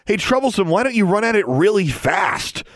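A man's voice: sits high, very animated, normal speed, fairly bright tone, no room sound, clean studio sound, pitched above the performer's own voice. A man voicing a teenage boy who jeers and teases. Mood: mocking. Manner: teasing, jeering. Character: mocking teenage boy sidekick.

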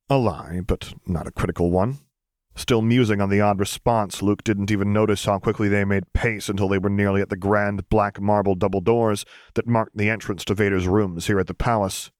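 A man narrating fan fiction as an audiobook reader, in a steady, measured way. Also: lowish voice, dry recording.

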